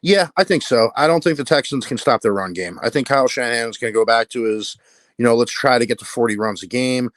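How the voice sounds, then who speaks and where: A man's voice: medium pitch, quick pace, a bit bright, dry recording. A man calling in to a sports show, casual, level-headed and explanatory. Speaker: caller. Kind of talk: casual sports call-in talk.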